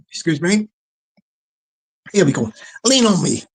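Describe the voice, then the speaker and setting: Streamer rambling on slow to a few viewers, lots of restarts. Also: mid-range voice, sing-song. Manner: rambling, chatty, restarts a lot. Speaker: live-stream host. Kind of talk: casual chat to a small online audience.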